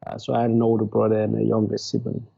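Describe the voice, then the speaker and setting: A man's voice: on the low side, completely flat delivery, fast talker, gravelly, warm tone, husky, dull audio. A man from Leone, a podcast guest telling his story thoughtfully and hesitantly, with many fillers, over a remote call. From Sierra Leone. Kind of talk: interview storytelling.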